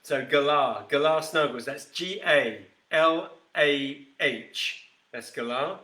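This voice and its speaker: Man, live-stream host, chatty and rambling, crisp forceful voice, roomy echo. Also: on the high side, takes it slowly. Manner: chatty, rambling, talks to viewers by name. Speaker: host of a live whisky show. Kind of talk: casual live-stream chat and cocktail demo.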